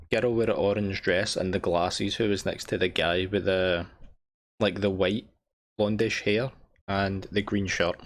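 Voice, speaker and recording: A man hosting a let's play, making casual joking comments while playing. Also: on the low side. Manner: joking, chatty asides.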